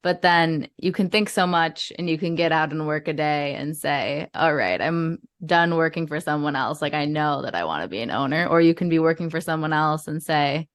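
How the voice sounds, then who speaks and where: A woman with a notably low-pitched voice hosts an interview podcast. She speaks casually and thoughtfully, in a friendly tone. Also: normal speed, few pauses. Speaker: podcast host.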